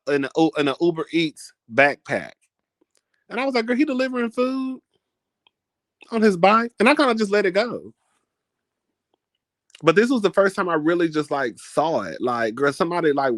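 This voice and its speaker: A man's voice: high-pitched, a bit bright, no echo, clean studio sound. A man vlogging in a casual, chatty storytelling style, dramatic and full of asides. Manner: chatty, dramatic, keeps calling listeners "girl".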